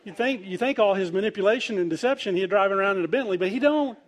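High-voiced preacher, animated and playful. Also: male voice, fast talker, some chatter behind. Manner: animated storytelling, acts out quoted voices, wide swings in loudness. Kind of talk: humorous sermon.

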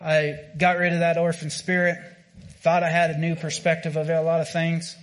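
A man's voice: fairly high pitch, monotone, normal speed, fairly bright tone. Casual man preaching a sermon. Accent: American. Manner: casual, conversational preaching with frequent fillers and restarts.

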